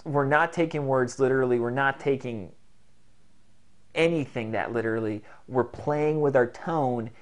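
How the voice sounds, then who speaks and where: A man's voice: mid-range voice, normal speed. A man coaching a self-help exercise, explaining it in an earnest, repetitive way. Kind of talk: instructional talk to camera.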